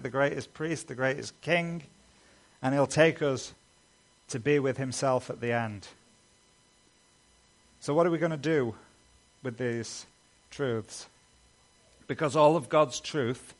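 A man preaching a sermon as a pastor, earnest and emphatic, building lists of repeated phrases. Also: medium pitch.

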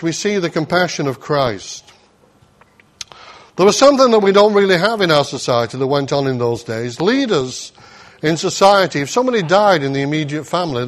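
A male preacher with a slightly high voice delivers a sermon, telling a story with animated, acted-out voices and laughter.

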